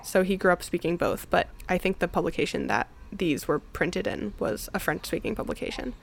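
A woman's voice: fairly low pitch, expressive, fairly quick, creaky, slight background noise. A woman hosting a casual podcast conversation, chatty, laughing often and filling her talk with likes and ums. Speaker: podcast host. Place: home in New Jersey.

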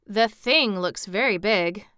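A woman's voice: takes it slowly, a bit bright, smooth, no echo, studio quality. Tip: a woman voicing a nervous young boy. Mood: anxious. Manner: anxious, high-strung. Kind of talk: storybook reading.

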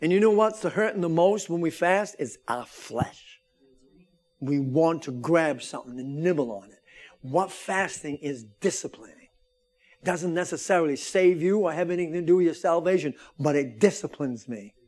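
A man preaches to his congregation in a high voice, pushing his lines upward into shouts and calling for amens. He keeps his delivery fervent as he drives each point home. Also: animated, normal speed. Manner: preaching with rising, shouted emphasis and calls for amens. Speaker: pastor. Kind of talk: sermon.

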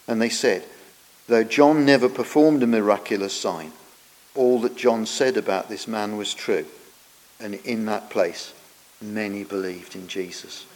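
A man preaches, explaining scripture in an earnest, teaching way. His phrases often sink quieter as they end. His voice rings out with a long reverb, as in a large church. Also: medium pitch. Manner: earnest, explanatory, drops softer at the ends of phrases. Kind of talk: sermon.

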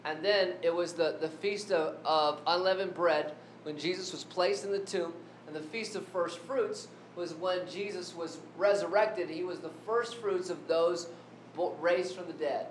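A man preaching a sermon who keeps asking the congregation questions. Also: measured pace. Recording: echoey room with faint rumble.

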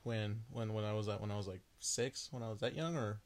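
A man hosting a podcast, interviewing his mother in casual chat, with many halting restarts. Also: lowish voice, fairly even intonation. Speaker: podcast host.

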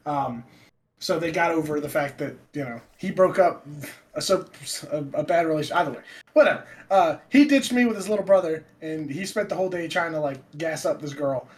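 High-voiced young man telling stories. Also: brisk. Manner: animated, swearing, acts out quotes loudly. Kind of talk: casual storytelling chat.

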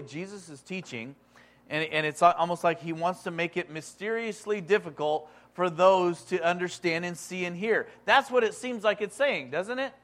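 A man preaching a sermon, reading scripture aloud in a conversational way that swings from quiet asides to loud emphasis. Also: sits high. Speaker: pastor.

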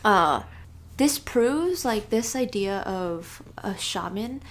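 A young adult woman co-hosting a podcast, chatting casually and often pausing with "um" as she gathers her thoughts. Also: medium pitch, lively intonation, very noisy. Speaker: podcast co-host. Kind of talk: casual chat.

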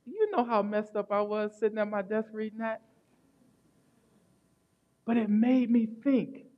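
A man preaching a sermon as pastor, telling stories in an animated way that swings from loud to hushed. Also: high-pitched, highs cut off.

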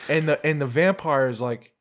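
A man hosting a podcast, telling a story in a casual, animated way with swearing and laughs. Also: a little high, moderate pace. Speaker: podcast host. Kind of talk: casual chat.

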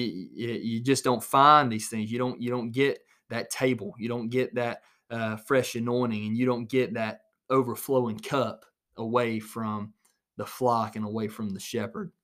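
A man's voice: medium pitch, a bit bright. A man preaching an earnest recorded sermon alone in his small office, repeating phrases for emphasis.

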